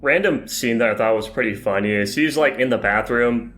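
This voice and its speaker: A man who talks quickly and tumbles through his thoughts on a podcast, retelling movie scenes with casual swearing. His voice sits at an ordinary middle pitch. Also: fairly bright tone. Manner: rapid, profane, rambling retellings. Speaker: podcast co-host. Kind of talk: casual movie review chat.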